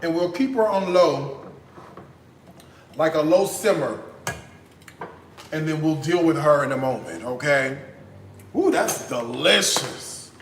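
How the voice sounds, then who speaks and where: A high-pitched man with a very lively, swooping voice talks viewers through a recipe in a relaxed, unhurried way. He breaks into whoops of delight now and then, and the kitchen sounds roomy and echoey. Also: a little hiss or hum. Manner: exuberant, bursts into high whoops and moans of delight; chatty, addresses viewers directly. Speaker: cooking channel host. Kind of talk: casual cooking vlog talk. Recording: echoey room.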